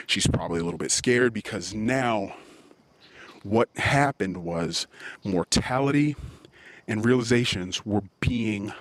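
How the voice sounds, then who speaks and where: A man hosting a podcast, telling a personal story in a candid, rambling monologue full of swearing. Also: lowish voice. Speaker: podcast host. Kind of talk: confessional monologue.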